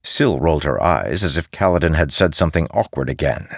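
A man narrating a fantasy audiobook in a measured, expressive way. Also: extremely low pitch, vocal fry, breathy edge, no echo, clean studio sound. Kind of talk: scripted narration.

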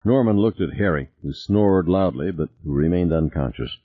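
A man reading a suspense novel aloud in a deep, husky voice. His delivery is expressive, moving widely in pitch, and the sound is tinny and narrow. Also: moderate pace. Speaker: audiobook narrator. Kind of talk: scripted narration. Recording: tinny lo-fi recording.

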